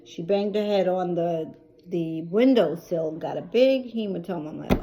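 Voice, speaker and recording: A woman's voice: fairly low pitch, unhurried, mellow. A middle-aged woman vlogging about caring for a family member, telling the story in an emotional, chatty way with many fillers. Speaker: caregiver vlogger. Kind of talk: personal storytelling.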